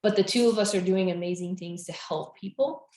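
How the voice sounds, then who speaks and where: A woman's voice: medium pitch, a little fast, dark tone. Enthusiastic woman in a roomy space. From California. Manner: enthusiastic, with frequent restarts. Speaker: podcast guest, business founder. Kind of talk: casual conversation. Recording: roomy echo.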